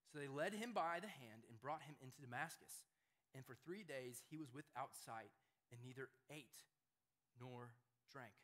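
Casual young youth preacher. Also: male voice, a little high, fairly bright tone. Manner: casual, says "like" often. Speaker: youth pastor. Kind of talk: youth sermon.

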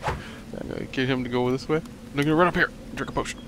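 A man's voice: mid-range voice, quick pace. A young man commenting on his game as a let's play host, joking and rambling and talking back at the enemies. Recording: noisy home recording.

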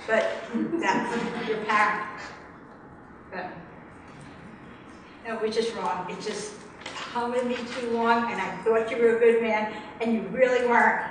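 Middle-aged woman, halting, echoey distant room. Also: fairly high pitch, steady tone. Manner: halting, repeats phrases, voices anger. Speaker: workshop volunteer. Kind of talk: emotional tapping exercise. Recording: echoey room, distant mic, some noise.

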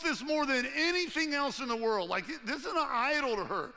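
High-pitched animated male preacher. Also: normal speed, in a large hall. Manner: animated, acts out quoted voices. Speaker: pastor. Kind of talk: sermon. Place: church sanctuary.

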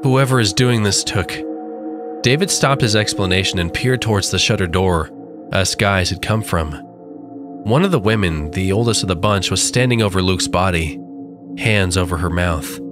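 A man narrating a first-person horror story with a dramatic, drawn-out delivery. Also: low voice. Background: faint music.

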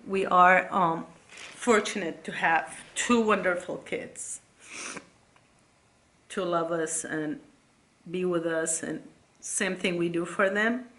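A woman's voice: on the low side, fairly bright tone. Tearful mother reading her kids' letters. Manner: tearful, tender, halting. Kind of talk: emotional casual vlog reading.

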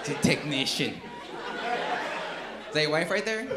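A high-voiced male comedian works the crowd, teasing audience members with constant profanity. He sounds echoey, recorded live in a comedy club with loud audience noise around him. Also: animated, unhurried. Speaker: stand-up comedian. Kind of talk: stand-up crowd work.

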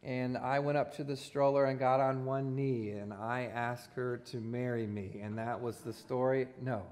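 In a church sanctuary, a pastor in his forties preaches a sermon, sharing a personal story with self-deprecating jokes and laughing at his own humor. His medium-pitched voice has a darkish tone and fairly even intonation, at normal speed.

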